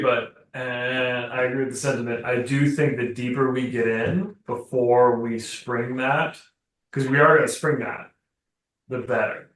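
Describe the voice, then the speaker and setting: A man's voice: mid-range voice, a bit bright. A man playing a tabletop game, talking through plans with dry jokes. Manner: wry, joking, talks plans through. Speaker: tabletop player. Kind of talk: casual tabletop chat. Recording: echoey room, distant mic.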